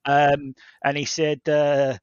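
A football journalist co-hosting a podcast animatedly retells what players and managers said, acting out their quotes in casual chat. His voice is a little high and clean-toned, and he takes his time. The recording from the podcast mic is dry and slightly dull.

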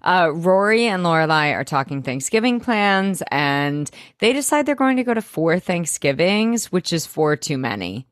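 A woman's voice: fairly low pitch, very animated, normal speed, hardly any pauses, dry recording, studio quality. A woman co-hosting a podcast, recapping an episode in a casual, wry, offhand way. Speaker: podcast co-host.

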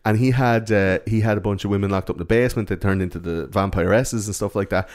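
A man's voice: lowish voice, fast talker, a little mellow. A man chatting casually about a movie, swearing and acting out quotes. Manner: profane, acts out quotes in silly voices.

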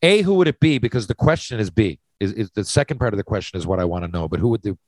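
A man's voice: fairly low pitch, lively intonation, racing, darkish tone, no room sound, poor audio. A man hosting a casual chat, posing hypothetical questions with lots of restarts and swearing. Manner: rambling, restarts, profane. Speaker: podcast host.

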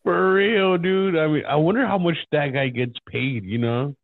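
Co-host: laid-back slangy guy, fairly high voice, coming through a thin phone-like line. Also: normal speed, dry recording. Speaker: podcast co-host. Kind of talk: casual crude comedy chat.

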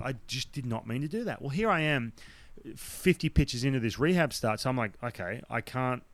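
An Australian man tells a story in loose, casual talk, acting out the lines of the people in it. His voice sits at a middle pitch and is recorded close and dry, with no room sound. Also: no echo. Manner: animated, acts out the dialogue of others; blunt, swears now and then. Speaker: podcast guest, former baseball pitcher.

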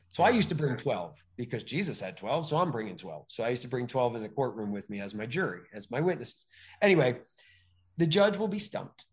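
A man speaking as a podcast guest, emphatic and animated, often acting out little exchanges as he explains. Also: medium pitch, muffled recording. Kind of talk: conversational interview.

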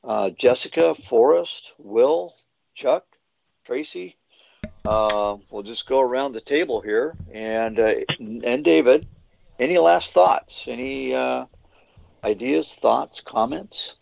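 Gravelly folksy male podcast host. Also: mid-range voice, slow, dry recording. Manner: folksy, relaxed, draws out fillers. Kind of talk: podcast panel hosting. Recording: dull lo-fi call audio.

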